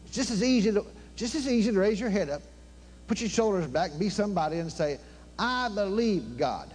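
An older man preaching a sermon in a fervent, folksy manner, swinging between loud exclamations and low murmured prayer. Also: fast. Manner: folksy, with plain everyday grammar. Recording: faint hum behind the voice.

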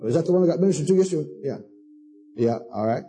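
A man's voice: a little high, animated, fast talker, mellow, husky, low-quality recording. A man preaching a sermon to a congregation, fervent and emphatic, repeating himself and calling listeners "honey".

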